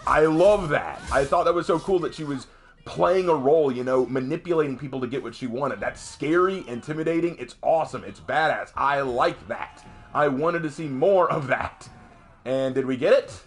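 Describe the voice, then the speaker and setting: A man's voice: fairly high pitch, normal speed, husky. A man streaming a game and commenting casually, ranting emphatically with frequent restarts.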